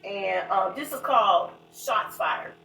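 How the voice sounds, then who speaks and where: A middle-aged woman, a guest author, telling stories with lots of laughter and then reading her own poem in a low, intense voice. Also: slow pace, vocal fry, a little hiss or hum. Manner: animated, laughing storyteller, drops to a low intense voice for poetry. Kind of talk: storytelling and poetry reading. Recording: echoey room, voice from a distance.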